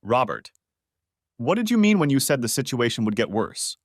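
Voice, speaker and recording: A man's voice: mid-range voice, sing-song, moderate pace, no room sound, clean studio sound. A man voicing a distraught cheating wife. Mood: tearful. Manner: pleading, tearful, defensive. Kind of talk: story reading.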